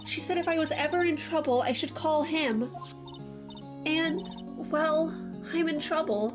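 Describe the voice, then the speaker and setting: A timid young female spirit medium from a game, as a woman puts her on. She speaks softly and hesitantly, apologizing often, with a high voice. Game music plays clearly in the background. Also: measured pace. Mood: pleading. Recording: game music playing behind.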